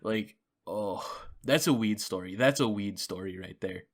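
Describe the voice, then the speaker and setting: A man's voice: fairly low pitch, a little slow. A young man hosting a casual podcast, telling a rambling, profane story full of fillers and restarts. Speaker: podcast host. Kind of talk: casual chat.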